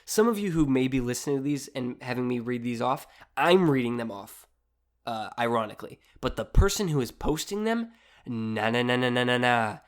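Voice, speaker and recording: A man's voice: mid-range voice, very animated, fairly quick. A man hosting a solo podcast, reading posts aloud in a sarcastic, mocking way, swearing freely and laughing often. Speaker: podcast host.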